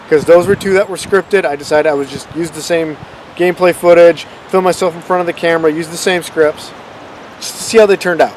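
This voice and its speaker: A man with a slightly high voice talks loosely and self-deprecatingly, rambling on without a script. He sounds like he is outdoors, with faint wind and traffic behind him. The talk is relaxed and unpolished. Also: poor audio. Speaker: channel host. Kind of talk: casual unscripted vlog rambling.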